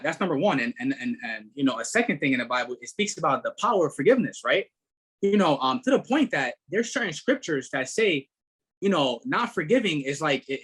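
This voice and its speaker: A middle-aged man, a podcast guest telling his story in a casual, animated way, repeating words and leaning on fillers. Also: a little high, husky. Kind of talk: casual testimony.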